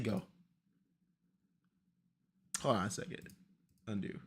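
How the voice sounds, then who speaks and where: A man's voice: lowish voice, steady tone, a little slow, long pauses, a bit bright, husky. A young man streaming casually, rambling and exclaiming to himself as he sets things up. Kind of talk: casual stream chat while setting up a video.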